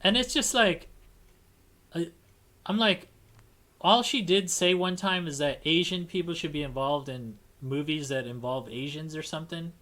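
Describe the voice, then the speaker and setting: A man's voice: fairly high pitch, moderate pace, fairly bright tone. A man hosting a casual livestream conversation, talking in a rambling way with many restarts and fillers. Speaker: podcast host.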